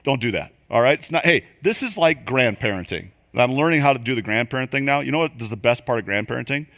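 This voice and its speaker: An older man giving a church leadership training talk, animated and quick to act out the voices he quotes. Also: mid-range voice. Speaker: leadership coach. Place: church venue.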